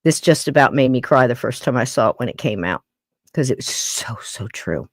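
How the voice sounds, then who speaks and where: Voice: medium pitch, lively intonation, normal speed, no echo, clean studio sound. A podcast host talking to a live-stream chat in a blunt, emphatic way, repeating points for weight.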